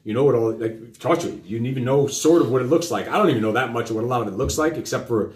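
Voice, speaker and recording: Fast-talking father lecturing in roomy echo. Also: medium pitch. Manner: fast rambling lecturing with questions. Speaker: host. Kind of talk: live show talk with his child.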